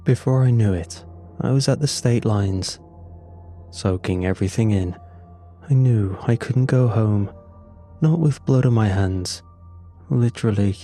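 A man narrating a first-person horror story in a slow, somber, scripted telling. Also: fairly low pitch, warm tone, soft background music.

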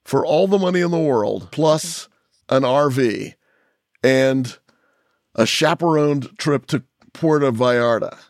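A man's voice: mid-range voice, slow, no echo, clean studio sound. A man hosting a podcast, running a guessing game with wry, joking game-show patter. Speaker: podcast host. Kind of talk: casual podcast chat.

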